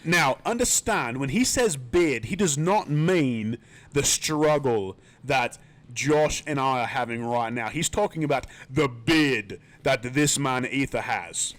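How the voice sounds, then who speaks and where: A man's voice: medium pitch, lively intonation, slow. A young man co-hosting a casual podcast, talking in a goofy put-on British accent that slides into Australian. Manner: goofy, playfully theatrical. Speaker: podcast co-host. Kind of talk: joking casual podcast banter. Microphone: studio mic with headphones.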